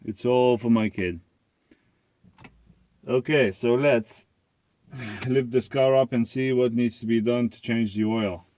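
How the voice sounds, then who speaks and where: A man's voice: mid-range voice, steady tone, takes it slowly, pauses often, dark tone. A man filming a casual do-it-yourself car repair video outdoors, talking in a rambling, jokey way and correcting himself as he goes. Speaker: DIY car vlogger. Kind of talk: casual how-to vlog. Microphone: camera on a tripod.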